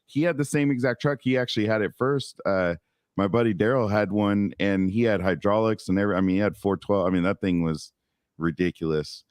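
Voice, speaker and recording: A man's voice: on the low side, brisk, clean tone, dry recording, studio quality. A man from Central California hosting a podcast, speaking in a laid-back, conversational way. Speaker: podcast host. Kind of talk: casual podcast chat.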